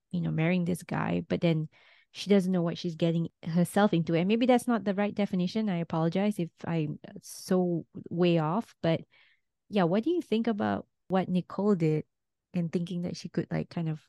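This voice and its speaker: Low, mellow-voiced woman chatting. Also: creaky, dry recording, studio quality. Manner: thoughtful, hedging, laughs often. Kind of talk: casual chat about a reality show.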